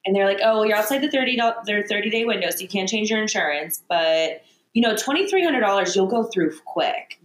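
A woman's voice: mid-range voice, expressive, fairly quick. A young woman co-hosting a podcast, frank and indignant in casual chat, swearing now and then. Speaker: podcast co-host. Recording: roomy echo.

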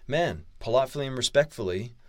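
A man's voice: mid-range voice, animated, brisk, no room sound, studio quality. A man hosting a podcast, giving blunt, emphatic dating-coaching advice with frequent swearing. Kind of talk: casual coaching monologue.

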